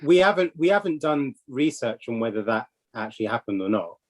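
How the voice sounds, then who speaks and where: A man on a casual film podcast, asking questions and speaking tentatively with halting restarts. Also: medium pitch, very animated. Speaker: podcast co-host.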